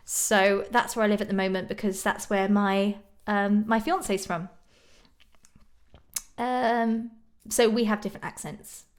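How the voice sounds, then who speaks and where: A woman's voice: mid-range voice, level tone, unhurried. Chatty young English woman live-streaming. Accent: southern English. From England, northwest of London. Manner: chatty, rambling, answers viewer questions with frequent ums and laughs. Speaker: YouTube singer hosting a live stream. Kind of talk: casual live-stream chat reading comments.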